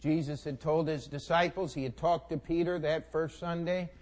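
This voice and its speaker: A male preacher delivering a sermon, retelling scripture with folksy asides and dramatic swings between soft and loud. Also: a little high, steady tone, moderate pace.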